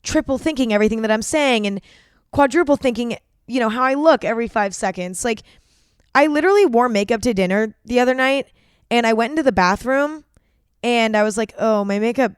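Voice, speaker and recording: A woman's voice: on the high side, a little fast, clean tone, no echo, clean studio sound. A young woman hosting a podcast, talking frankly and confessionally, swearing freely and saying "like" a lot. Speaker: podcast host. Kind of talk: candid solo podcast monologue.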